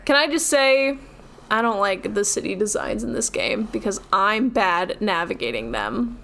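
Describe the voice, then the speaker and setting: A woman's voice: mid-range voice, lively intonation, moderate pace, creaky, fairly bright tone, a little hiss or hum. A woman streamer giving casual commentary while she plays a game. She talks in a jokey, self-mocking way and pokes fun at herself as she goes. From Seattle, US.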